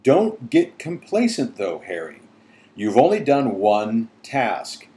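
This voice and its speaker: A man's voice: medium pitch, mellow, roomy sound. A man voicing a serious adult man giving cautious advice in a letter, read from a storybook. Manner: earnest and cautioning.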